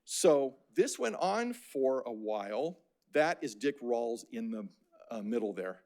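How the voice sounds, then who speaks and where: A man's voice: medium pitch, big pitch swings, slow, darkish tone. An older man from Phoenix giving a casual, anecdotal lecture about slides, with many fillers and restarts. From Phoenix, Arizona.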